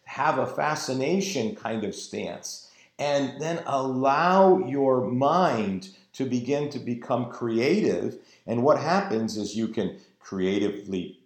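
A man's voice: medium pitch, animated, slow pace. A man preaching a sermon in an earnest, emphatic way, drawing out his phrases. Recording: roomy echo.

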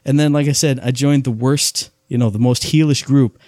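A man's voice: medium pitch, normal speed, no echo, studio quality. A man co-hosting a casual podcast, telling stories in an enthusiastic, rambling way. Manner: enthusiastic, rambling, animated storytelling. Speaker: podcast co-host. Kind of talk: casual chat.

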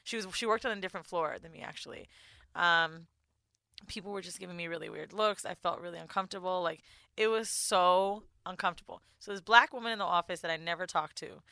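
Bright-voiced woman telling a story. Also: fairly low pitch, fast talker, creaky, clear, resonant tone, no room sound, studio quality. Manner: emotional storytelling, swearing, quoting others. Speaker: podcast co-host. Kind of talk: candid casual chat.

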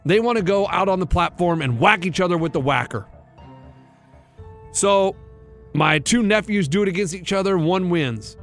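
A man's voice: sits high, moderate pace, pauses often, soft background music. A man in his thirties, a radio show co-host, telling a rambling story and acting out the voices in it. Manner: rambling animated storytelling, acts out quotes. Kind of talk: casual chat, storytelling.

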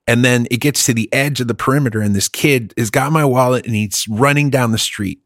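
A man's voice: mid-range voice, brisk, a bit bright, no echo, studio quality. Rambling, profane middle-aged man telling a story. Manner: rambling, profane, laughs often. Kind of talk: casual storytelling chat.

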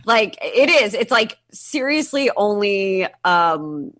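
Chatty woman co-host, bright voice, rambles and laughs a lot. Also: medium pitch, sing-song, slow pace. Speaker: podcast co-host. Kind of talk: casual movie review chat.

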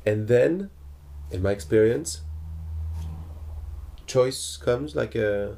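A man's voice: mid-range voice, slow pace, gravelly, warm tone. A man asking a teacher questions in a spiritual dialogue, hesitant and searching for words, with many restarts.

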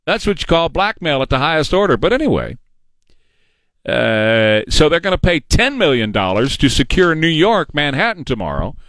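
A man's voice: a little high, big pitch swings, moderate pace, fairly bright tone, no echo. A man hosting a talk radio news show, reading stories and giving sarcastic, opinionated commentary. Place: radio studio. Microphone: studio microphone.

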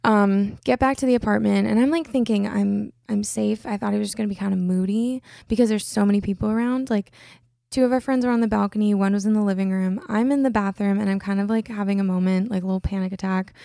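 A woman's voice: medium pitch, fairly even intonation, fast talker, vocal fry, dark tone, dry recording, studio quality. A young adult woman hosting a podcast, telling a personal story in a casual, chatty way full of "like" fillers. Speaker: podcast host.

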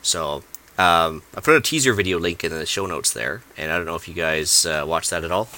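A man's voice: low voice, fairly quick, sharp tone. A man co-hosting a casual podcast, rambling and hunting for words with plenty of fillers. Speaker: podcast co-host.

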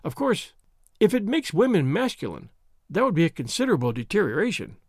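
A man reading aloud and voicing a cool, quick-witted woman doctor who speaks in a dry, composed, gently ironic way. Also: sits high, big pitch swings, dry recording, full character voice. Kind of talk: audiobook character voice.

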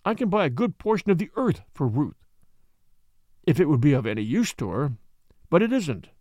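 A man's voice: fairly high pitch, big pitch swings, normal speed, a little mellow, no echo. A man doing a grim, blunt millionaire father. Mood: rueful.

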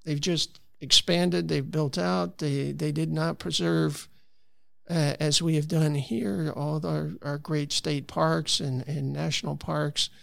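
A man's voice: a little high, steady tone, takes it slowly, gravelly, a bit bright, no room sound, clean studio sound. A man from Florida, a conservation advocate, telling stories earnestly in a conversational interview with frequent restarts. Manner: earnest, storytelling with many restarts.

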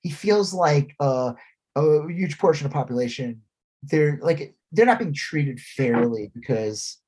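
A man's voice: on the high side, unhurried, breathy edge, poor audio. Blunt, rambling male podcast host. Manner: animated, blunt, swearing, rambling. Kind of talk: casual political chat.

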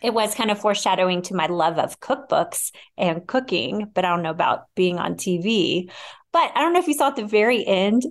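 A woman's voice: mid-range voice, lively intonation, fairly quick. A woman guest on a podcast, telling a funny story with frequent laughs. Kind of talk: casual chat.

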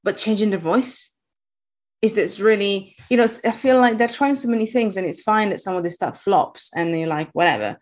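A woman with an Italian accent, co-hosting a casual podcast chat and talking in animated, exasperated asides. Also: medium pitch, normal speed. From Italy. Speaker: podcast co-host.

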